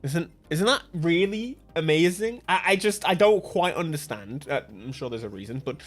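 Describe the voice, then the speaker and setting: A man hosting a gaming channel, commenting on a racing game in a jokey, excitable way and laughing often. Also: on the high side, normal speed, soft background music.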